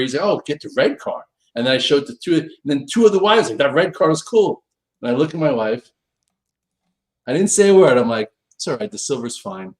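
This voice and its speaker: A middle-aged man, a pro trader, casually telling a story on a live stream, acting out quoted dialogue with big jumps in his voice. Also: mid-range voice.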